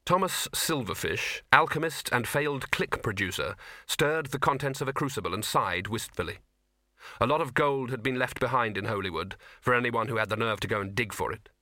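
A man narrating a comic fantasy audiobook with dry, expressive storytelling. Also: medium pitch, fairly quick, dry recording. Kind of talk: scripted narration.

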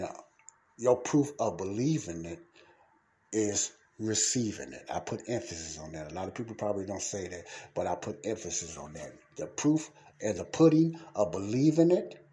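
A man hosting his own podcast, talking in a fervent, repetitive way that moves between heated ranting and quiet, earnest preaching. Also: deep voice. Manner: fervent, repetitive, shifts from ranting to soft pleading. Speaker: podcast host. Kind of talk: casual preaching monologue.

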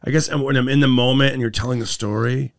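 A man in casual chat as a comedian guest, an animated storyteller who acts out the voices of the people he quotes. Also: mid-range voice, quick pace, dry recording, studio quality.

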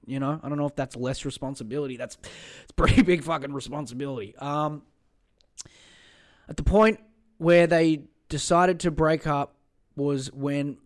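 Rambling, swearing podcast host man. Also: a little high. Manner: rambling, profane, self-mocking, mutters while searching. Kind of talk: casual solo podcast monologue.

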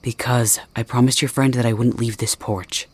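A man's voice: mid-range voice, steady tone, moderate pace, slightly rough, no echo, natural voice. A man voicing a stern young male guard in an ASMR role-play, firm and scolding but giving in. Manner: firm, scolding, speaks to listener directly.

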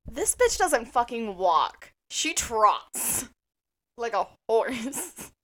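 A woman in her twenties co-hosting a podcast, telling stories in an animated, teasing way with lots of swearing. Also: a little high, drawn-out words. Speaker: podcast co-host. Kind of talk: casual chat.

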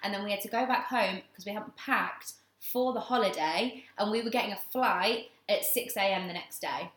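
A young woman co-hosting a podcast, telling a story in casual chat, animated and laughing, swearing freely. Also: mid-range voice, normal speed. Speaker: podcast co-host. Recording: echoey room.

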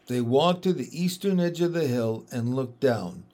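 A man reading a children's storybook aloud, slow and expressive. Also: mid-range voice. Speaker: audiobook reader. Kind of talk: storybook narration.

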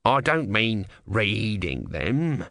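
A man's voice: lowish voice, sing-song, takes it slowly, gravelly, fairly bright tone, no room sound, studio quality, exaggerated voice. A man voicing a grumpy tortoise god. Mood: exasperated. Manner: sarcastic, exasperated. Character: grumpy bitter male god stuck as a small tortoise.

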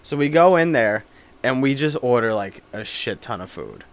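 A man's voice: medium pitch, very animated, moderate pace. A young man telling a story in casual chat on a podcast, often breaking into laughter. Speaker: podcast co-host.

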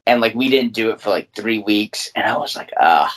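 A man's voice: fairly low pitch, fairly quick. A young man co-hosting a podcast, ranting with frequent swearing in casual chat. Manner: ranting, profane, animated. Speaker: podcast co-host.

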